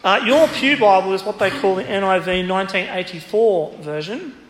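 A man's voice: high voice, moderate pace, a bit bright, slight background noise. A man preaching an expository sermon in a church, teaching through a Bible passage and quoting it with emphasis. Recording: echoey church hall, faint ambience.

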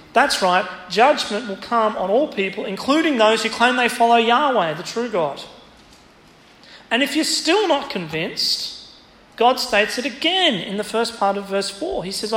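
Pastor, man, high-pitched, teaching a Bible passage from the pulpit; recorded in a reverberant church hall. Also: fairly bright tone. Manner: expository Bible teaching, emphatic quotes. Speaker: preacher. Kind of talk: sermon. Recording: echoey church hall, faint ambience.

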